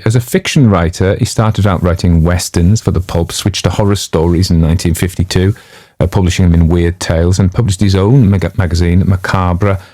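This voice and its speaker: Man, low voice, digressive talk, joking asides, fillers, dry room. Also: warm tone, no echo. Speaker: audiobook narrator introducing a story. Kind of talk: rambling casual chat.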